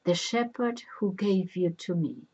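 Sly knowing messenger guy pushing his point, read by a woman, husky, lo-fi. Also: lowish voice, expressive, unhurried, a little mellow. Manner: knowing and insistent. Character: sly old male messenger, knowing and insistent.

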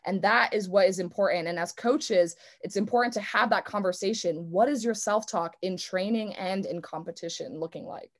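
A woman's voice: mid-range voice, moderate pace, hardly any pauses. A young adult woman, a swimmer speaking at an online convention, talking casually and earnestly with many fillers.

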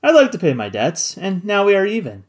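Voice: mid-range voice, huge pitch swings, brisk. A reader voicing a loyal, plucky young manservant in an audiobook, eager and cheerful in manner. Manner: eager, cheerful, cool under danger. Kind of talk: audiobook character voice.

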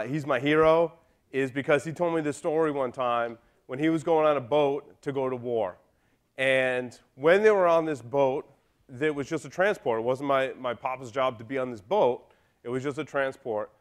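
A man speaking at a conference, telling a story to the crowd in a loose, joking way. His voice sits a little high for a man. He talks right to the people in the room. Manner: casual and joking, talks to the audience. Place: conference hall.

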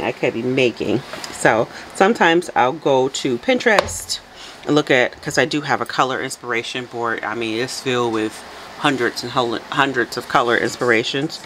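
A woman hosting her soap making channel, chatting casually to viewers with a raspy early-morning voice and frequent laughs. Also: very deep voice, a bit bright, a little hiss or hum, low-quality recording. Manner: chatty, laughs often, talks to viewers directly. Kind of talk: casual tutorial chat.

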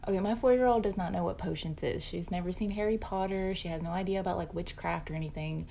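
A woman's voice: on the low side, quick pace, gravelly, warm tone, slight background noise. A mother telling a casual, rambling and bewildered story.

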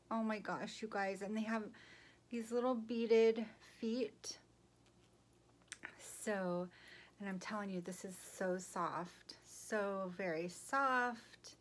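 A woman vlogger chatting casually about her gifts, gushing and giggling, sometimes dropping to a soft whisper. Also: medium pitch. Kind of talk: casual chatty haul video. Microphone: phone.

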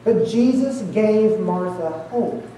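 A man's voice: sits high, takes it slowly, mellow, recorded from a distance, slight background noise. A man preaching an Easter sermon as pastor, earnestly walking his listeners through scripture verse by verse. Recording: very echoey hall, heard from afar.

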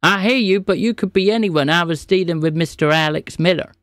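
A man's voice: high voice, fairly quick, fairly bright tone, no room sound. A man streaming a scam-bait phone call, feigning confusion and playing dumb with the caller. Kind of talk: prank call.

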